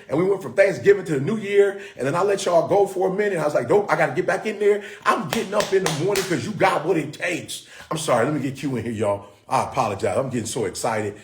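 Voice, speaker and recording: Fiery preaching man, high lively voice. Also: reverberant. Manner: fiery and exclamatory, repeats phrases. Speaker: host. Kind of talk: motivational preaching on a livestream.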